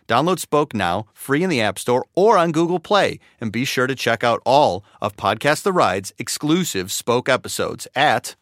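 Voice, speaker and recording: A man reads a podcast ad in a casual, bantering way. His pitch swings a lot as he talks, and the sound is dry and close. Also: animated, normal speed, hardly any pauses, a bit bright, no echo. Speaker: podcast co-host reading an ad. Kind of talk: casual ad read.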